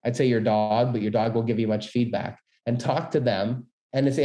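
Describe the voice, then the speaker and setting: Fast-talking man in an echoey room. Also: mid-range voice. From Canada. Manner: fast, energetic talker with many quick asides. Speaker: business school dean giving a webinar talk. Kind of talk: presentation tips lecture. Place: room, webinar. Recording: roomy echo.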